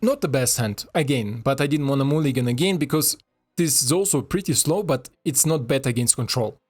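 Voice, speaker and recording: A man giving casual, excitable commentary over a card game, swearing and talking to his viewers in non-native English. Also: medium pitch, fairly quick.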